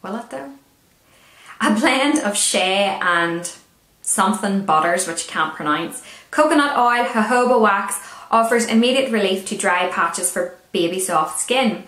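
A woman's voice: mid-range voice, lively intonation, measured pace, a bit bright. A woman with a Northern Irish accent, chatting casually as she reviews beauty products with wry asides. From Northern Ireland. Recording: roomy echo.

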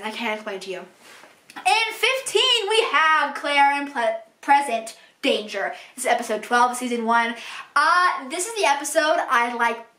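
A woman vlogger talking casually from a room at home, excitable and rambling with lots of fillers. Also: high voice. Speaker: book and TV vlogger. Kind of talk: casual ranking vlog. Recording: echoey room.

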